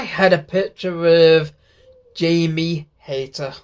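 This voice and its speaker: Brief: British-born male YouTuber, slow unhurried delivery, excitable and rambling. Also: on the high side. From Britain. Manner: rambling and excited, many restarts. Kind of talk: casual vlog recap.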